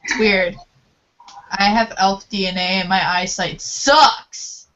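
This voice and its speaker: A woman's voice: medium pitch, fairly even intonation, slow pace, fairly bright tone, a little hiss or hum. A young woman chatting casually, giggly, telling stories with lots of "I was like". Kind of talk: casual chat. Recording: dull lo-fi call audio.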